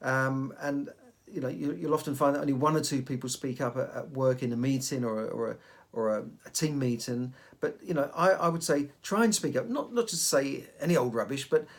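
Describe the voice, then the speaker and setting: A man's voice: fairly high pitch, gravelly. A middle-aged man, hosting a podcast and giving casual advice, often repeating and restarting his words. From United Kingdom. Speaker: podcast host.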